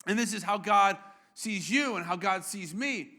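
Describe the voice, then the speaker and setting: A man's voice: high-pitched, normal speed, pushed and bright. A male pastor preaching a sermon in a conversational way, with joking asides and frequent restarts.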